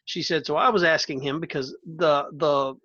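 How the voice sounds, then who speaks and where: A man with a high voice hosts a casual podcast and spins a playful, rambling story. The sound is a little dull and lo-fi. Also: fairly even intonation, moderate pace, a bit bright. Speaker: podcast host. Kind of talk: casual chat.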